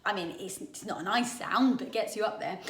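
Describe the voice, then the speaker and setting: A woman's voice: mid-range voice, a little fast. Chatty vocal coach woman, roomy sound. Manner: chatty, encouraging, demonstrates exercises aloud. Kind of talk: singing warm-up lesson.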